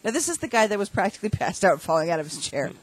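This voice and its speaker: A woman's voice: mid-range voice, big pitch swings, racing. Woman guest, casual and chatty, laughs through her anecdotes. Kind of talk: casual storytelling chat.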